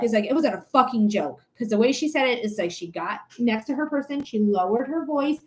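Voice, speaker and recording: A woman's voice: a little high, expressive, a little fast, a little mellow. A young adult woman reading tarot on a livestream, ranting emphatically with repetition and swearing, then thanking viewers. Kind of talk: casual livestream chat.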